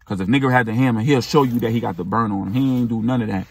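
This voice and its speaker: A man's voice: mid-range voice, very fast, creaky, husky. A young man telling a personal story in casual, slangy storytime style. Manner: slangy, animated retelling. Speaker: vlogger.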